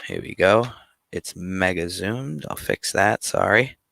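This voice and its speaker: A man's voice: sits low, slow, gravelly, a bit bright, dry recording. A man with a Boston accent talking casually and upbeat about swing trading on a livestream. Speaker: guest trader presenting a show.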